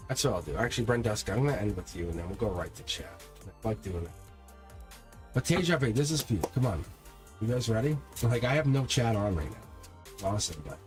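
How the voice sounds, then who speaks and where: Energetic guy doing a tarot live stream, straight-talking, music playing soft behind him. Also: medium pitch. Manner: energetic, emphatic, talks straight to viewers. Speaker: tarot reader. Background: faint music.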